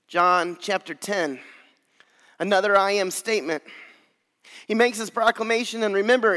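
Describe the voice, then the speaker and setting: High-voiced male pastor preaching in a hall. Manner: earnest preaching, swelling louder on key phrases. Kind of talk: sermon.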